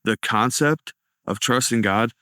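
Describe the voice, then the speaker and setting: A man's voice: medium pitch, unhurried, sharp tone, no room sound, clean studio sound. A young man earnestly tells his recovery testimony, acting out the dialogue he quotes. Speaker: testimony speaker.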